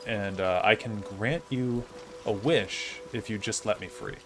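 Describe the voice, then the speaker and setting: A man's voice: on the low side, measured pace, over music. A man voicing a talking fish, an enchanted prince, begging to be let go with a stammer. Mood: pleading.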